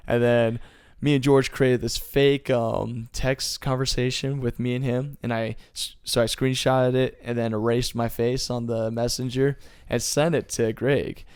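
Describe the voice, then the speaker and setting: A young man spins a long, rambling story in podcast chat. He leans on slang and filler, and the mid-pitched voice sounds dry and close, with no room around it. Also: flat delivery, unhurried, hardly any pauses, a little mellow, clean tone, no echo. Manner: rambling, slangy, says "bro" and "like" a lot. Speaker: podcast co-host, wrestler.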